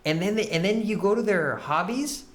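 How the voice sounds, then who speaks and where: A young man in casual chat, telling dating stories in a loose, profane ramble. His voice sits slightly higher than most men's, and he keeps breaking into quick impressions of the people he describes. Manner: rambling, profane, animated storytelling. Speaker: podcast co-host.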